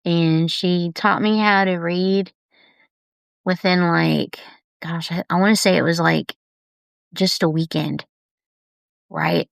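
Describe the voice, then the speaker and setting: A woman talking openly and tenderly on a live video about heavy times, unhurried and confiding. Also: on the low side, steady tone, gravelly, no echo. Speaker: artist sharing on a live video. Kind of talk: candid personal live stream.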